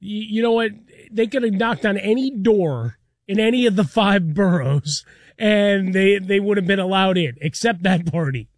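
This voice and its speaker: Man, sports co-host, teasing, wry, high voice, dry. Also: expressive, moderate pace, dry recording. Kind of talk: casual banter.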